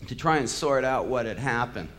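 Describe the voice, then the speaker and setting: A man with a medium-pitched, expressive, slightly bright voice speaks at a moderate pace in a fiery spoken-word monologue. Sardonic and bitter, he swears freely and his anger swells into outbursts.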